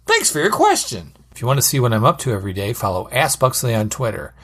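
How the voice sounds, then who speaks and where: A man's voice: medium pitch, wildly swooping pitch, quick pace, a bit bright, husky. A man with a mid-range voice hosts a short scripted advice segment. He answers a listener question in a friendly way and slips in puns as he goes.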